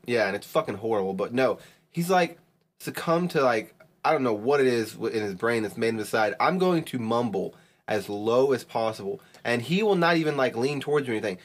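Casting: young male co-host, blunt and exasperated, heavy cursing, mid-pitched everyday voice. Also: expressive, fast talker. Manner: blunt, swears a lot, exasperated. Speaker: podcast co-host. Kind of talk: casual chat.

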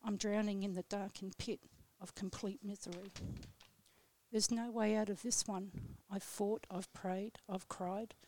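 A woman guest on a radio show reading her own poem aloud in a slow, solemn, measured way. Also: medium pitch, steady tone, warm tone, a little hiss or hum. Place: radio studio.

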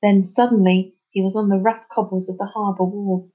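Casting: woman storybook reader, mid-pitched, expressive and steady. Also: moderate pace, dull audio. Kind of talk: reading a children's novel aloud.

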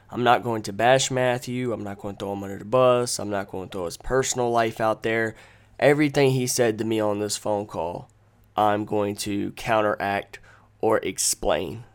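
Dude on a podcast mic venting, lots of swearing, rambles on, regular voice. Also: male voice, lowish voice, clear, resonant tone. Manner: blunt, profane, rambling storytelling. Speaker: podcast host. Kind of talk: casual podcast chat. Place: indoor room with friends. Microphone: podcast microphone.

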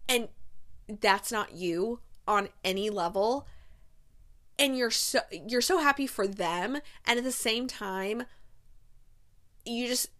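A woman in her thirties, a movie reviewer, recaps a film in a chatty, casual way, packed with filler words and quick quoted lines. Her voice is fairly high and a bit bright.

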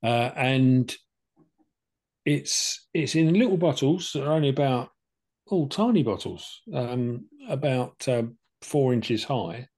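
A man's voice: mid-range voice, expressive, slow pace, darkish tone. Chatty older man. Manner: chatty, plain-spoken, acts out both sides of conversations. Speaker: podcast co-host telling his cancer story. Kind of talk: casual storytelling chat.

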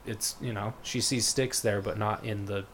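The speaker, a man, has a lowish voice and fairly even intonation at a normal speed. He casually rambles through a book's story, relaxed and heavy on fillers and quoted voices.

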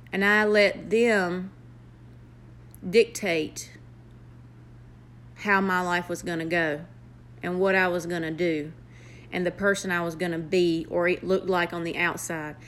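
Southern woman, young, earnest heartfelt vlog talk, slow and deliberate delivery. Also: fairly low pitch, fairly bright tone, a little hiss or hum. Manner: earnest, heartfelt, with pauses and fillers. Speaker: nurse vlogger. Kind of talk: motivational vlog.

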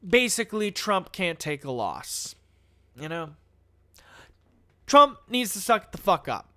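A young man with a high-pitched voice gives casual political commentary. He is blunt and mocking and swears freely, breaking off from the news he reads to jeer at it. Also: big pitch swings, measured pace, bright, forceful tone.

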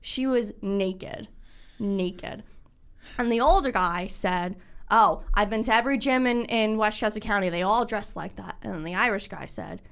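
A young woman in casual chat, telling lively stories and acting out what people said. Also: medium pitch, normal speed, creaky, clean tone. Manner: animated storyteller acting out quotes.

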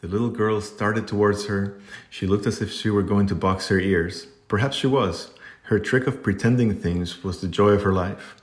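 A man reading a classic storybook aloud in an even, unhurried narrating manner. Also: fairly low pitch. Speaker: audiobook narrator.

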